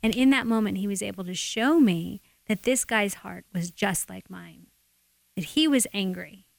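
A woman guest sharing a personal faith testimony in a lively, expressive storytelling manner. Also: mid-range voice, normal speed, creaky, dry recording. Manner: animated, acts out quotes.

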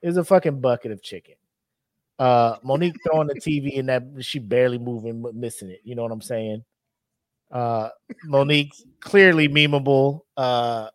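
A man co-hosting a podcast in casual chat, animated storytelling that breaks into loud acted-out voices. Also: medium pitch, moderate pace, dry recording. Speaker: podcast co-host.

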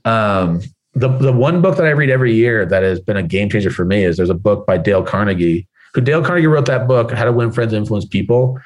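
A man with a fairly low voice talks casually and loosely, circling back with restarts and "like" fillers. He speaks as a guest on a video call. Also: fast talker. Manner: rambling, many "like" fillers and restarts; acts out panicked voices in a high squeal. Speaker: guest speaker, real estate agent coach. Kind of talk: casual motivational talk.

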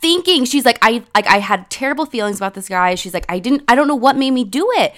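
A woman's voice: on the high side, quick pace. A woman co-hosting a podcast in casual chat, telling a story with lots of fillers and quoted lines. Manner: animated storytelling, quoting others, many fillers. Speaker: podcast co-host.

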